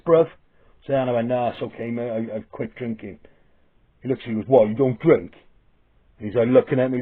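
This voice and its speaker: A man with a heated, profane, stop-start manner, ranting to camera through tinny phone-like audio. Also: medium pitch. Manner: swearing, heated, halting restarts. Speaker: vlogger. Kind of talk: angry profane rant.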